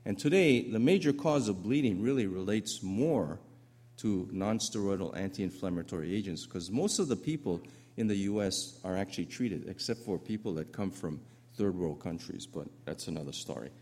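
Lively low-voiced male lecturer. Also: normal speed. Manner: animated storytelling, conversational asides. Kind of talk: medical lecture with slides.

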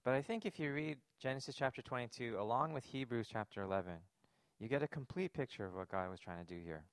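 A man's voice: medium pitch, fast talker, clear, resonant tone, dry recording, clean studio sound. A man preaching a sermon, earnest and emphatic, posing rhetorical questions to his congregation. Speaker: pastor.

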